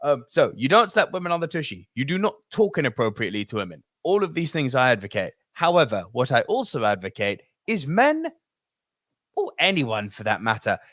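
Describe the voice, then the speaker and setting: A man co-hosting a podcast, telling stories in a casual, profane, animated way. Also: a little high, no room sound, studio quality. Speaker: podcast co-host.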